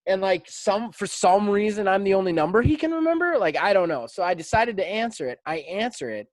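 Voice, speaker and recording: A man in his thirties hosting a podcast, telling a story in a lively, animated casual chat. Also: high voice, brisk, dry recording. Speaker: podcast host.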